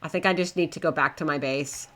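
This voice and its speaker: Young woman streamer, super bright tone, chatty and flustered while she plays. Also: deep voice, fast. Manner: chatty, flustered, talks to herself and her pets. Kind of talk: live gameplay commentary.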